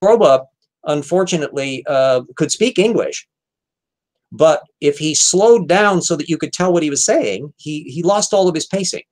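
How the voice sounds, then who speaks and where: A man's voice: fairly high pitch, expressive, normal speed, a little mellow, rough recording. A man hosting an aftershow, chatting casually and rambling about old films with many fillers and restarts. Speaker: host.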